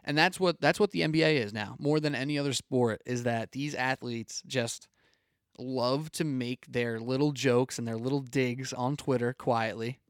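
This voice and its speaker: A man's voice: medium pitch, moderate pace, no echo. Young guy hosting sports talk, medium voice, dry close mic, chatty and laughing. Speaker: sports talk show host.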